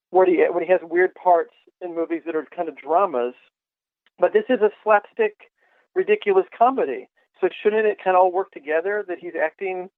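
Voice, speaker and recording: A man co-hosting a podcast, chatting with many fillers and halting restarts, often laughing. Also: sits high, no echo. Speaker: podcast co-host. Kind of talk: casual chat. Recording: tinny phone-like line, dry.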